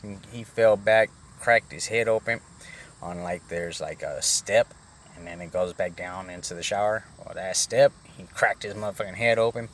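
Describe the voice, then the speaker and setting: A man's voice: low voice, normal speed, a bit bright, slight background noise. A middle-aged man telling a rambling personal story in casual, profane street slang. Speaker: vlogger.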